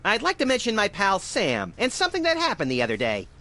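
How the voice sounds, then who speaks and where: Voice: medium pitch, quick pace, a little hiss or hum, heavily acted. A manic little rabbit-like creature. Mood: gleeful. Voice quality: excitable, gleefully unhinged. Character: manic, gleefully violent male cartoon rabbit-like creature.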